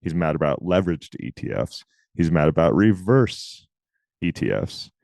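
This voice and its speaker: Male co-host, deep voice, emphatic casual delivery, dry recording. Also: very animated, creaky, a little mellow, dry recording. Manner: talkative, emphatic, quick asides. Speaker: podcast co-host. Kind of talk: casual chat.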